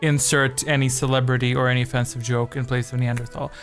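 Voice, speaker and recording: A man's voice: medium pitch, level tone, quick pace, soft background music. A man hosting a live-stream quiz game, rambling chattily between questions with jokey asides. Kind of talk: casual live-stream chat.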